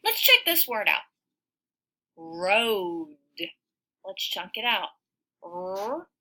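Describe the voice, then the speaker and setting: A woman teaching a phonics lesson to young children, sounding out words slowly and cheering her listeners on. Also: on the high side, low-quality recording. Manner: slow, sounds out words, animated encouraging teacher voice.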